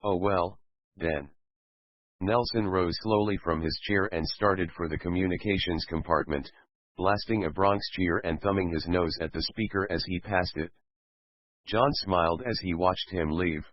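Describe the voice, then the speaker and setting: A man reading a fan fiction story aloud in a steady, plain manner. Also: deep voice, moderate pace, no room sound. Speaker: narrator. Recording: dull lo-fi recording.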